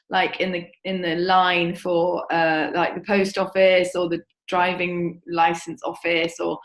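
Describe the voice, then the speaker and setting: A woman on a group video call, relaxed, recounting an example with quoted back-and-forth. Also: fairly low pitch. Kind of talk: casual chat on a video call. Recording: echoey room on video call.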